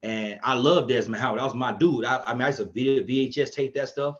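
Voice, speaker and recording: Guy telling old football stories, gets loud doing other people's lines, kinda muffled lo-fi audio. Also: mid-range voice, quick pace. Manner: animated, acts out quotes in a raised voice. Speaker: podcast guest, coach. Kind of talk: casual storytelling chat.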